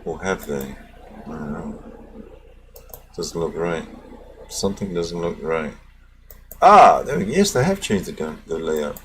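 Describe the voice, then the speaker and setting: A man's voice: very deep voice, very animated, measured pace, pauses often, background noise. A man hosting a casual livestream, muttering to himself as he clicks around and signs off with teasing sarcasm. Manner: muttering to himself while navigating a screen. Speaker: livestream host.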